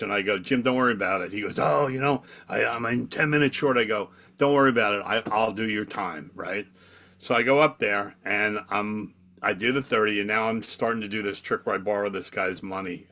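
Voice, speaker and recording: A comedy magician chatting casually, telling a backstage story and acting out the dialogue. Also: male voice, fairly low pitch. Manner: quick, lively storytelling that acts out dialogue. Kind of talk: casual chat, telling stories.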